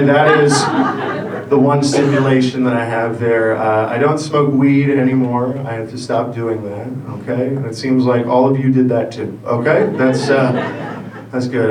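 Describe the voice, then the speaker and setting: A man in his thirties doing a loose, rambling stand-up set and bantering with the crowd. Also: medium pitch. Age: 30s. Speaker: stand-up comedian. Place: theater stage. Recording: roomy live theater sound from a distance. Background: audience ambience.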